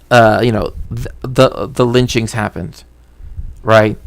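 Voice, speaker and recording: A man's voice: mid-range voice, dry recording. A man hosting a stream, telling a story in a rambling, self-interrupting way, often starting over mid-sentence. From Mexico. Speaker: stream host. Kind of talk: casual chat.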